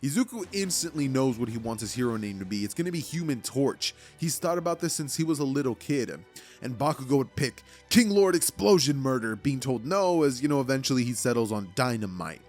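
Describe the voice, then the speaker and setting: A man's voice: mid-range voice, lively intonation, a little fast, a little mellow. A man casually narrating a fan-made story, rambling along and leaning on "like" and "you know". His voice sits in an ordinary middle range. Faint music plays underneath.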